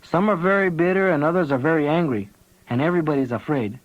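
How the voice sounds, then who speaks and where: A man's voice: on the high side, fast talker, dry recording, natural voice. A man voicing a tough, blunt village woman. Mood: earnest. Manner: earnest, blunt and steady. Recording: dull lo-fi tape audio.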